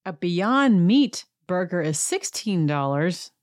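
A woman's voice: on the low side, very animated, takes it slowly, a little mellow, no room sound, studio quality. A woman hosting a podcast, giving a chatty and wry recap of a TV episode. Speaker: podcast host. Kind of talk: casual TV recap monologue.

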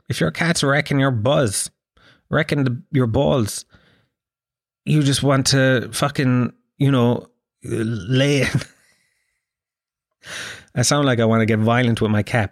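A man's voice: mid-range voice, no echo, studio quality. A young Irish man hosting a podcast, telling rambling, profane comic stories in a jokey monologue. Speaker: podcast host.

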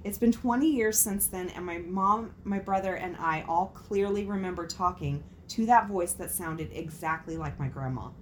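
A woman with a fairly low voice runs a casual talk show, reading listener stories at a moderate pace with hardly any pauses. A faint hiss or hum sits under her expressive reactions, full of free swearing and laughter at her own jokes.

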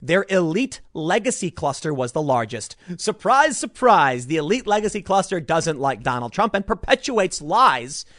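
Sarcastic high-voiced male commentator. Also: big pitch swings, moderate pace, few pauses, fairly bright tone, dry recording, studio quality. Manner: sarcastic, reads articles aloud with asides. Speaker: political commentator. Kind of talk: political commentary vlog.

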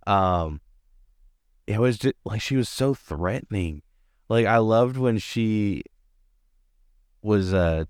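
Low-voiced man chatting in a podcast. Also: clean tone, no echo, clean studio sound. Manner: chatty, lots of "like" fillers. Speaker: podcast co-host. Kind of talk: casual movie review chat.

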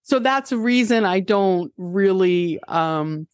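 A woman with a New York accent hosting a casual chat over a headset, telling lively stories and laughing often. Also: medium pitch, slow pace, no echo. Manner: animated storyteller, laughs often. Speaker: podcast host.

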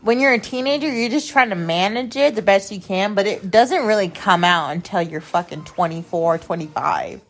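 A woman's voice: medium pitch, normal speed, hardly any pauses, faint music behind. A young adult woman hosting a podcast, telling a personal story in a rambling, blunt, profane way, often repeating herself. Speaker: podcast host. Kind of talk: casual storytelling monologue.

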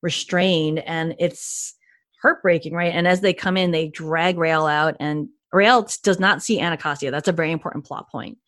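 A woman co-hosting a podcast, chatting enthusiastically with many quick restarts. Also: deep voice, fairly even intonation, a bit bright, no room sound, clean studio sound. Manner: enthusiastic, gushing, frequent restarts. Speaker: podcast co-host. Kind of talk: casual podcast chat.

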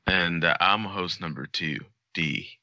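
A man's voice: low voice, unhurried, sharp tone, no echo, dull audio. A man co-hosting a podcast, teasing and blunt, swearing casually. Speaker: podcast co-host.

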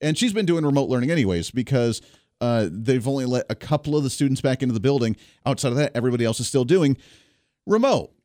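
A man's voice: medium pitch, lively intonation, fast talker, mellow, no echo. A man in his thirties hosting a radio talk show, chatty, upbeat and opinionated, talking straight to his listeners. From Kansas. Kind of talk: energetic radio talk monologue. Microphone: studio microphone. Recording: dry studio sound, faint music.

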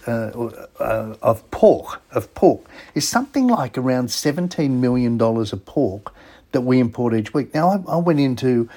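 A man's voice: medium pitch, mellow. An Australian man hosting a show, talking in a chatty, folksy way and often repeating himself for emphasis. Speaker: show host. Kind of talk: casual radio-style chat.

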